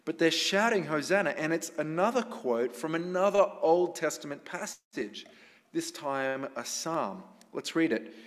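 A pastor with a slightly high, animated voice preaches at a measured pace to a congregation in a church hall, keeping it conversational and often putting questions to them. The recording carries a long hall reverb.

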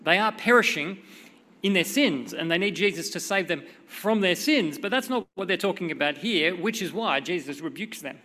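Middle-aged man, preacher, conversational sermon style, bright tone, long hall reverb. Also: sits high, moderate pace. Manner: conversational, expressive, reads scripture dramatically. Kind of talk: sermon with prayer and storytelling.

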